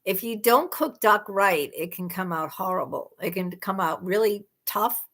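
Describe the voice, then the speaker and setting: A woman's voice: mid-range voice, normal speed, a bit bright. A woman hosting a casual livestream chat, rambling and exclaiming in disbelief. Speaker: livestream host.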